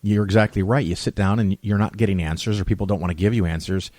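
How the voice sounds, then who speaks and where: A man's voice: lowish voice, steady tone, quick pace, a little mellow, no echo. A man hosting a casual interview, chatty and joking. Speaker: host.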